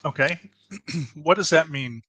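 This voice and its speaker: A man's voice: on the high side, slow pace, a bit bright, no room sound. A man explaining in a casual, chatty way, with asides and restarts. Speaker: presenter. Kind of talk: casual educational talk.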